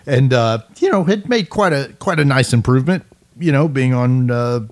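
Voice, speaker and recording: Soft-spoken Southern man, hesitant. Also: mid-range voice, expressive, moderate pace, no echo. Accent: Southern US, softened. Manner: earnest, hesitant, many fillers. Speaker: podcast co-host. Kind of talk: casual chat.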